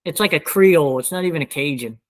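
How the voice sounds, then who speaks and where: Young man, South Louisiana twang, slightly high voice, rambling, profane, casual podcast chat. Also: fast talker, rough recording. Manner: rambling, profane, full of fillers. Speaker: podcast guest.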